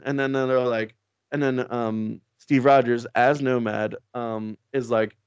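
A man with a gravelly, fry-heavy voice, chatting casually on a podcast. He rambles with lots of fillers and swears freely. His voice sounds dry and a little dull, with no room echo. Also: mid-range voice, a little slow. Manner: rambling, excitable, swears a lot, many fillers. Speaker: podcast co-host. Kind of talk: casual chat recapping comics.

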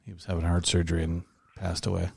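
A man's voice: deep voice, level tone, fast, vocal fry, breathy edge, dry recording, clean studio sound. A man hosting a casual podcast chat, reading out news items and laughing often. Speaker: podcast host.

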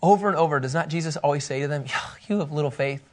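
A pastor with a notably high voice preaches a sermon, teaching in a rapid-fire, emphatic, animated way and acting out the quotes he reads.

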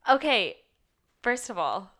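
A woman's voice: on the high side, sing-song, measured pace, pushed and bright. A woman hosting a podcast, chatting casually about a movie and recapping scenes with plenty of "like" and "um". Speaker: podcast host. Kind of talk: casual movie-discussion chat.

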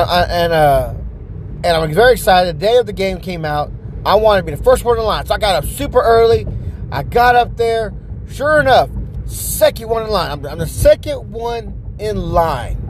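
A man with a high voice tells his viewers a story in a loose, rambling way. He swears freely and keeps drifting off on side notes. There is faint noise behind him. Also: a little mellow. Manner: rambling, profane, laughs often. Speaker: vlogger.

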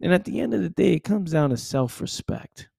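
A man's voice: high-pitched, lively intonation, brisk, gravelly, darkish tone, husky, no room sound, studio quality. A man giving an emphatic motivational monologue, repeating himself and dropping "right?" and "man" asides. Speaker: motivational speaker.

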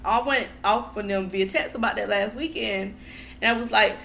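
A woman's voice: medium pitch, moderate pace, vocal fry, fairly bright tone, a little hiss or hum. A woman guest on a podcast in casual chat, telling a story in a heated, profane way.

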